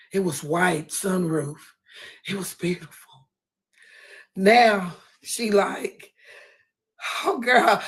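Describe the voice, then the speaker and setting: A woman telling a comic story in a persona, animated and dramatic, repeatedly exclaiming and swinging between loud outbursts and hushed asides. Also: mid-range voice. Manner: animated, exclaims "oh, girl" over and over.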